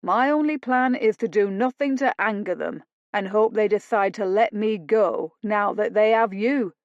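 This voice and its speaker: A woman's voice: medium pitch, moderate pace, dry recording, close to an everyday voice. A woman reading an audiobook, voicing a mocking, sardonic roguish man with a drawling sarcasm. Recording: dull dry lo-fi studio read.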